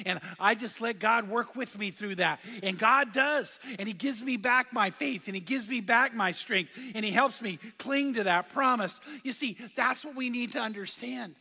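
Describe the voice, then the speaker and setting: Middle-aged pastor, high and bright tone, fervent repeating sermon delivery, long church reverb. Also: male voice, moderate pace, vocal fry, few pauses. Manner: fervent preaching with repetition and call-and-response.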